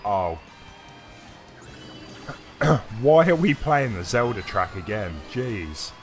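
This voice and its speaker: British guy streaming a kart game, kinda low voice, a bit sick and coughy, rambling at chat. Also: big pitch swings, slow. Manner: rambling, chatty, answers chat by name. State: unwell, coughing. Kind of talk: live gameplay commentary, chatting with viewers. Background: faint game music.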